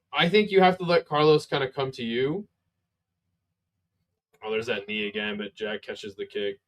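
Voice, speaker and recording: A tired, sleepy man giving casual, profane play-by-play commentary on a live fight stream, relaxed and laid-back. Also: on the high side.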